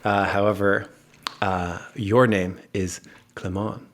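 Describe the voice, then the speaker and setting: An American-accented man hosts a podcast with an energetic, joking manner. His voice sits a little low, and he keeps the chat light and upbeat. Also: moderate pace. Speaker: podcast host.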